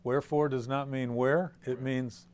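A middle-aged man teaching preachers in a playful live talk, quizzing the audience and swinging between loud and soft delivery. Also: medium pitch, flat delivery, a little slow.

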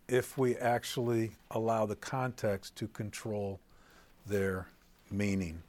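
A middle-aged man teaching preachers in a playful live talk, quizzing the audience and swinging between loud and soft delivery. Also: fairly low pitch, level tone, slow pace.

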